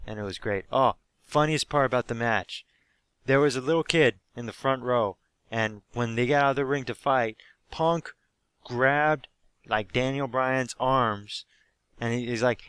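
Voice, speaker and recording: A young man with a sore, hoarse throat, recapping a live wrestling show he went to in an animated, swear-heavy way. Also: mid-range voice, normal speed, dry recording. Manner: animated storytelling, swears freely, acts out quotes. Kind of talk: casual excited recap.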